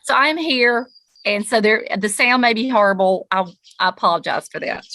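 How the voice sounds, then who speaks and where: A woman's voice: on the high side, moderate pace, pushed and bright. A woman with a Southern US accent co-hosting a podcast from an outdoor porch, chatting in a rambling, self-mocking way. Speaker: podcast co-host, school counselor. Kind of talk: casual chat.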